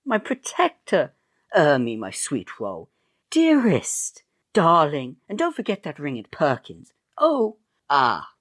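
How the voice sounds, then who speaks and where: A swooning young maiden heroine in a soaring, breathy falsetto. She gushes in over-the-top melodrama, with wide swoops in pitch. The sound is close and dry. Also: huge pitch swings, takes it slowly, fairly bright tone, no room sound, heavily acted. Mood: gushing. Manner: melodramatic and gushing. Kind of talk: melodramatic storybook reading.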